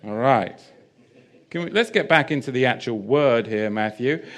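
A man's voice: medium pitch, expressive, normal speed. Guy preaching, chatty and jokey, pokes fun at himself. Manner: chatty, self-deprecating, jokey asides. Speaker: pastor. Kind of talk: sermon.

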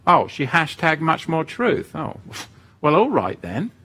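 A man teaching on a live stream and reading viewers' comments aloud. He talks in a feisty, teasing way, jumping from loud outbursts to soft asides, and leads a prayer. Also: fairly high pitch, huge pitch swings, slow, breathy edge. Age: parent of children living at home.

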